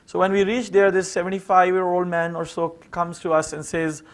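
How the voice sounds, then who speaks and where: A man's voice: high voice, flat delivery, a little fast. A man giving an informal seminar talk, telling stories in a conversational way with plenty of fillers. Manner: conversational, full of "you know" fillers. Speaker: seminar speaker.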